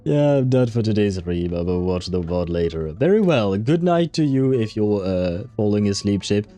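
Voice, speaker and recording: Lively low-voiced male game streamer. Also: moderate pace, soft background music. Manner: chatty, laughs often, stumbles over words. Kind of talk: casual gaming stream chat.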